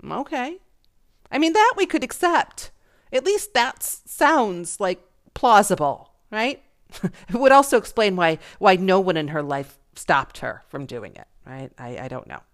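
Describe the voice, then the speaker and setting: Animated chatty middle-aged woman. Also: medium pitch, a little slow. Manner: chatty, gossipy, laughs often, animated. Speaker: podcast host. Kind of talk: casual solo podcast monologue.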